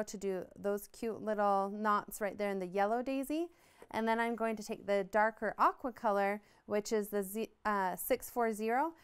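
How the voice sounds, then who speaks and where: A woman walks viewers through an embroidery stitch with a patient, upbeat manner. Her voice is exceptionally smooth and clean, at an ordinary middle pitch for a woman. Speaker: embroidery instructor. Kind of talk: step-by-step craft tutorial.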